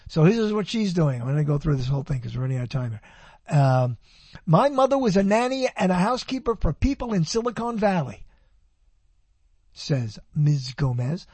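A male radio host with a high, husky voice talks into a handheld mic. He rambles, breaks off and corrects himself mid-sentence as he reads items aloud. The sound is dry and close. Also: sing-song, normal speed, darkish tone, no echo. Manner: rambling, self-correcting, chatty asides. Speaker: radio talk show host. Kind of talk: casual radio talk, reading news items aloud. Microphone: handheld microphone.

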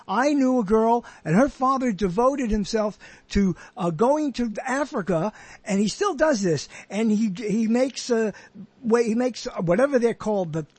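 Man, very high voice, husky, dry close sound, rambling, wisecracking host. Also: expressive, moderate pace, darkish tone, dry recording. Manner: rambling, stammering restarts; blunt and wisecracking. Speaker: podcast host. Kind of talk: casual chat.

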